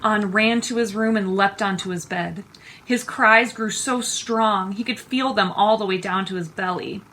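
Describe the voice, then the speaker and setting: A woman teacher reading a children's picture book aloud, expressive and unhurried. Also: medium pitch, slight background noise, low-quality recording. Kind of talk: storytime read-aloud.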